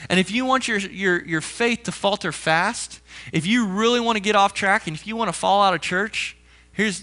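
Young male pastor, high bright voice, conversational animated sermon delivery. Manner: conversational, animated storytelling preacher.

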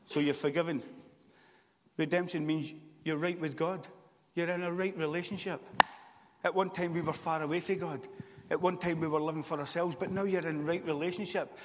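A man preaching a sermon in church, swinging from loud, impassioned calls to quiet, confiding stories. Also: on the high side, fairly even intonation, normal speed, in a large hall, a little hiss or hum.

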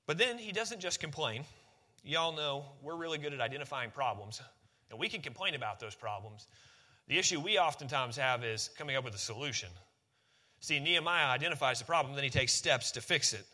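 Man, pastor, sermon, conversational, emphatic, very bright tone. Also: mid-range voice, lively intonation, brisk. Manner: conversational, emphatic, repeats key phrases.

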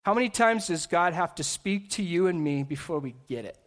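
A man preaching a sermon in church to a seated congregation, animated, acting out quoted voices and breaking into quick asides. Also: high-pitched. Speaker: pastor.

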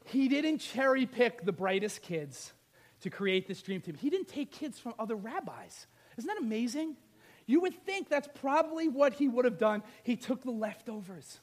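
A male pastor preaching an animated sermon, firing rhetorical questions and swinging from loud to soft. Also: very high-pitched, normal speed.

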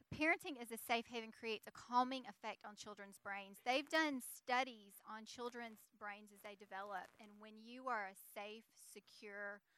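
A woman's voice: mid-range voice, sharp tone, clear, resonant tone, no room sound. A middle-aged woman co-presenting a parenting seminar, speaking earnestly with frequent fillers. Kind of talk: conversational teaching.

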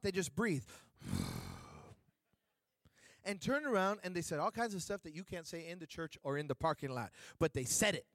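High-pitched male preacher telling a lively anecdote from the pulpit, dry and close. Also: no echo. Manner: animated, joking with the congregation. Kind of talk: storytelling sermon. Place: church.

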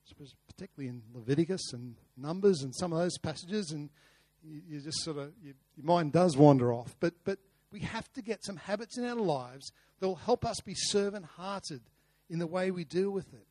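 Aussie pastor preaching, earnest, kinda high voice, repeats himself, dry close sound. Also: male voice, lively intonation, fairly quick, hardly any pauses, warm tone, no echo. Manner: earnest, repeats words, rhetorical questions. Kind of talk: sermon with a told story.

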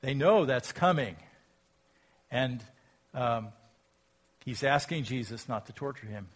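A pastor preaching a sermon, reading scripture aloud and asking reflective, rhetorical questions. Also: male voice, mid-range voice, expressive, takes it slowly, slightly rough. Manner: reflective, asks rhetorical questions, rises in volume when quoting scripture.

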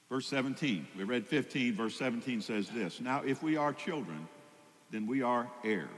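A man's voice: medium pitch, a bit bright. A man preaching a sermon as pastor, conversational, with rising emphatic peaks. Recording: long hall reverb.

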